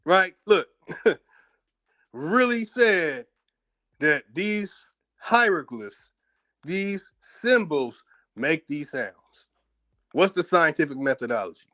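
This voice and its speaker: A man's voice: fairly high pitch, sing-song, takes it slowly, long pauses, pushed and bright. A man giving blunt, heated spoken commentary, firing off one rhetorical question after another and repeating them for emphasis. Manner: informal, blunt, with profanity. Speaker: speaker giving a monologue.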